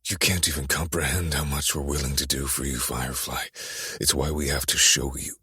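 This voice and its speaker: A man voicing a brooding, tattooed young man who is possessive and menacing, speaking in a low, teasing murmur for an audiobook. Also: little pitch movement, a little fast, bright, forceful tone, no echo, studio quality, full character voice. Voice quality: very deep, gravelly, husky. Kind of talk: audiobook dark romance voice acting.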